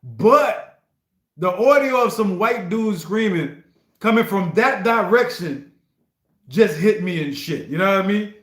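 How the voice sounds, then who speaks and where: Male livestream host, high voice, slangy stammering chat, echoey room. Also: expressive, measured pace, fairly bright tone. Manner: slangy, stammering, often asks "you know what I mean". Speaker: livestream host playing song requests. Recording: roomy echo.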